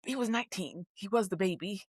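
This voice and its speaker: A woman's voice: medium pitch, brisk, breathy edge, no room sound. A woman co-hosting a podcast in casual chat, talkative and insistent, often restarting her sentences. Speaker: podcast co-host.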